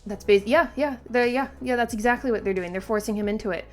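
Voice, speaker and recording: A woman's voice: on the high side, fast, a little mellow, faint music behind. A woman hosting a manga reaction video in casual commentary, talking emphatically and exasperatedly, with lots of "like" fillers and some swearing.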